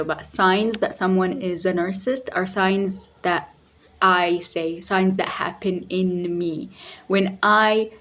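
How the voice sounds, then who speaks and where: Woman, phone-camera vlog, slow and deliberate delivery, casual talking-head style. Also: mid-range voice. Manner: unhurried and thoughtful, with sassy quoted voices. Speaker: vlogger on narcissism and recovery.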